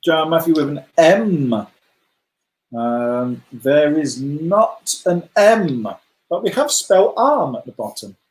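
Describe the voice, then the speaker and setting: An encouraging man hosts a letter-guessing game for a children's club over a video call. His pitch jumps around animatedly while his pace stays slow and unhurried. The sound carries a roomy echo. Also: lively intonation. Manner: chatty and encouraging, praising players by name.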